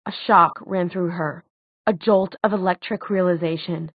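A woman reading a novel aloud as an audiobook narrator, steady and expressive. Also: on the low side, moderate pace, husky, no echo. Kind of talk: scripted narration. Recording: tinny phone-like dry sound.

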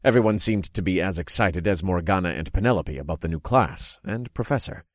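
A man narrating a story in the first person in a calm, descriptive, measured way. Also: low voice, dry recording, studio quality.

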